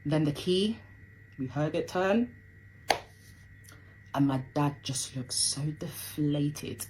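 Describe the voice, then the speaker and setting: Telling a personal story in an emotional rush, a young woman speaks fast and breathlessly, casually dropping many fillers. Her voice is low-pitched and expressive, set against a noisy background.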